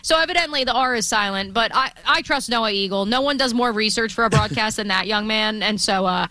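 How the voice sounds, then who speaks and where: Bright, dry-voiced woman radio co-host. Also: fairly high pitch, a little fast, no room sound. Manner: chatty, playful, trails off and restarts. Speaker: radio sports show co-host. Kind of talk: casual sports radio banter.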